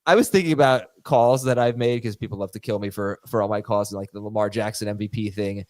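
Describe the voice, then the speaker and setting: A man hosting a fantasy football show in casual chat, animated and quick to laugh at himself. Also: lowish voice, no room sound. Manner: animated, laughing, self-mocking. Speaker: podcast host.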